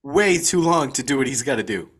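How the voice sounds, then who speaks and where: A man with a bright, forceful voice argues a point on a video-call podcast, swearing freely and hammering his words home by repeating them. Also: mid-range voice, animated, a little fast, breathy edge. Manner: emphatic, profane, repeats himself for emphasis. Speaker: podcast co-host. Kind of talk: casual movie discussion.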